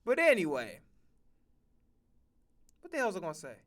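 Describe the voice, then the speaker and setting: A man streaming reaction commentary, loud, profane and animated. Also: sits high, moderate pace.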